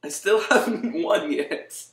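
A man's voice: sits high, lively intonation, unhurried, fairly bright tone, distant mic. A man chatting casually while playing an online game, teasing his friend and running himself down. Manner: teasing, self-deprecating. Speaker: gamer in voice chat. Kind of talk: casual gaming chat. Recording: echoey room.

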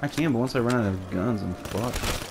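A man's voice: mid-range voice, moderate pace. A young man chatting casually and swearing while playing a video game with a friend. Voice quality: gravelly, swearing and laughing often. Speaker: gamer. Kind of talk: casual gaming banter. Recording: noisy game audio behind.

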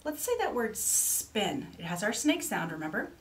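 A woman teaching speech to children, reading a picture book aloud slowly and clearly and pausing so they can repeat words. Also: very animated, slight background noise. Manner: animal sounds with big jumps in pitch.

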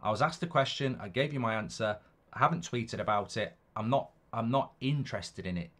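Brisk and fairly bright in a mid-range voice, this middle-aged man runs a casual football watchalong livestream. He reads viewer comments aloud and answers with opinionated, meandering replies, often starting over.

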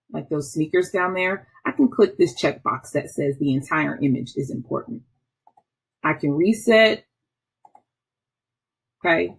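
A woman with a low, husky voice walks through a screen-recorded software tutorial as an instructional technology trainer. She explains patiently, step by step, with small restarts along the way.

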